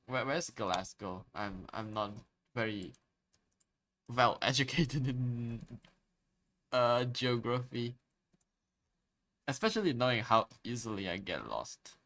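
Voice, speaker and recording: A man with a fairly low, sharp-toned voice chats casually with viewers while drawing on a live stream. He is laid-back, chuckles often, and repeats words as he starts his sentences.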